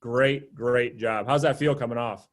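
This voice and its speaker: An upbeat male sales coach runs a live group session over a video call. He keeps things moving with short bursts of praise and quick cues, at an average pitch for a man. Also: steady tone.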